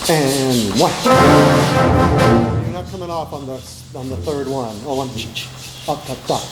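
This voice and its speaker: A man conducting a band rehearsal, counting beats aloud and singing rhythms to the players. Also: mid-range voice. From Utah. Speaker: student conductor. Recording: echoey rehearsal room with instruments. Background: band instruments playing.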